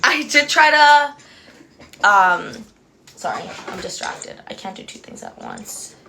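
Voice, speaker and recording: A woman's voice: medium pitch, huge pitch swings, unhurried, gravelly, heavy background noise. A young woman hosting a casual livestream from home, giggly, easily distracted and rambling between stories. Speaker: livestream host.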